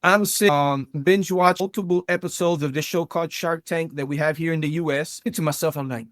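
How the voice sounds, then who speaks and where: A man in his thirties with a South Florida accent, a podcast guest telling his story in a lively, chatty way with many fillers. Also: on the high side, a little fast, hardly any pauses, no room sound, clean studio sound. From South Florida, USA. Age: 30s. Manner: animated storyteller, many fillers, addresses listeners as guys. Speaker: podcast guest, vet tech and entrepreneur. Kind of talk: casual interview chat.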